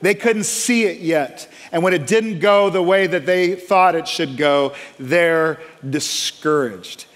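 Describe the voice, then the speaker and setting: A man's voice: on the high side, slow, few pauses, fairly bright tone, in a large hall. A male pastor preaching a sermon, emphatic, stacking repeated phrases and calling for an amen. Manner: asks the congregation for an amen. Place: large church sanctuary.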